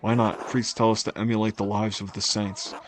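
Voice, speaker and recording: A man's voice: fairly low pitch, level tone, brisk, background noise, close to an everyday voice. A man reading the lines of a witty, pleasure-loving young male artist in a video game, plainly. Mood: wry.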